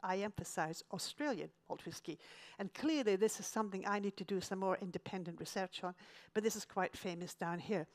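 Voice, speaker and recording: A woman's voice: mid-range voice, a little fast. A woman from Scotland, giving an illustrated travel lecture with dry, self-mocking jokes.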